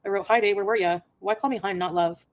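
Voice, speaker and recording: Fast-talking exasperated woman vlogger. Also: medium pitch, fairly even intonation. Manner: rapid, exasperated, reads messages aloud. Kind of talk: casual storytelling vlog.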